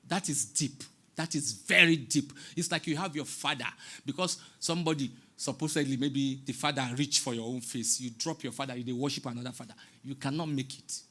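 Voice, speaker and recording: A man's voice: medium pitch, fairly even intonation, a little fast, bright, forceful tone. A Nigerian man in his sixties giving a public talk on stage, passionate and preaching, dropping into Pidgin. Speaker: guest artist speaking on stage. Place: stage in a large venue.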